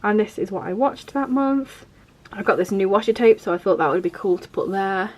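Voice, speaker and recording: A woman's voice: mid-range voice, fairly quick, darkish tone. A woman vlogger chatting casually through her journal pages, rambling and peppering her talk with fillers. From England.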